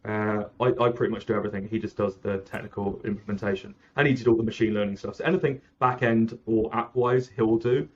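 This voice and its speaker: His voice on the low side, an app founder speaks quickly with few pauses and fairly even intonation as an interview guest, chatting casually, rambling, self-correcting, and relying on "like" and "um." Slight background noise sits under the dull audio.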